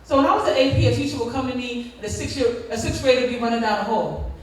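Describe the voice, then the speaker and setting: A woman's voice: a little high, racing, darkish tone. A woman giving a conference speech as a school district leader, telling stories in a preacher-like way and drawing call-and-response from the crowd. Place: large conference hall. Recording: echoey hall from far off.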